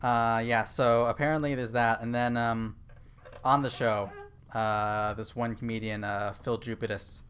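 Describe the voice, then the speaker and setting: A man's voice: medium pitch, level tone, unhurried, fairly bright tone, a little hiss or hum. A young man chatting casually while streaming a horror game, rambling with lots of fillers and restarts. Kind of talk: casual gaming stream chat.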